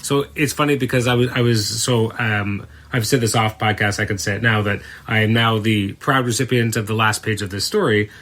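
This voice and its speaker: Relaxed man hosting a podcast. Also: fairly low pitch, a little hiss or hum. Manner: relaxed, laughs easily, halting starts. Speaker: podcast host. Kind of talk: casual interview conversation.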